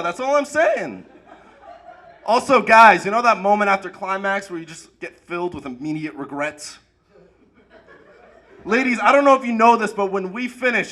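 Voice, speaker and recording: High bright guy doing standup, punchy, yells the big lines. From Arab American. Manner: energetic punchline delivery, shouts at peaks. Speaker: stand-up comedian. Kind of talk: stand-up comedy set. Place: comedy club stage with audience.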